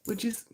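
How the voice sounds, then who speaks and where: Livestream host: middle-aged woman, chatty and rambling, mellow tone, echoey room over a phone mic. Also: medium pitch. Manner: chatty, rambling, laughs often. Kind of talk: casual live-stream chat with viewers. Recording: roomy echo.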